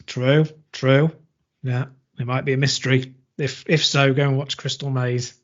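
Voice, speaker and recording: A man's voice: medium pitch, little pitch movement, moderate pace. A man co-hosting a gaming podcast in casual chat, laughing easily. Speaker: podcast co-host. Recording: dull lo-fi podcast audio.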